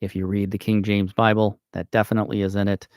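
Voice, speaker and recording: American guy slowly thinking out loud about grammar, lowish voice, dry close sound. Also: little pitch movement, clean tone, no room sound. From United States. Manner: slow and thinking aloud, with fillers and self-corrections. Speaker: channel host. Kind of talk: casual grammar explainer livestream.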